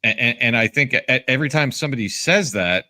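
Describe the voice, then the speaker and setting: A man's voice: mid-range voice, expressive, pushed and bright. A man from the United States who hosts a talk show, speaking earnestly in casual discussion and agreeing with his guest. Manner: earnest, agreeing, quick to jump in. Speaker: show host.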